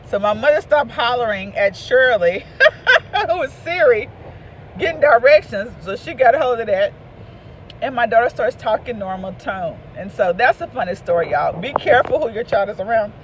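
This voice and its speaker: A woman, an author and speaker, telling a lively personal story and hollering out the voices she quotes. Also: on the high side, brisk, a little hiss or hum. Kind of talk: casual storytelling.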